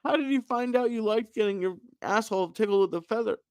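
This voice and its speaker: Guy with a high creaky voice, dry close mic, asking amused follow-up questions on a podcast. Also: fast talker, no room sound. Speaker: podcast co-host. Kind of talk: casual podcast chat.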